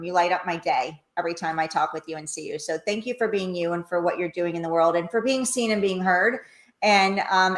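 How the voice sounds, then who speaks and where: A woman talking as a guest on an online interview, gushing and warm. Her voice sits mid-range and bounces around an echoey room. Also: mid-range voice. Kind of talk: virtual interview chat.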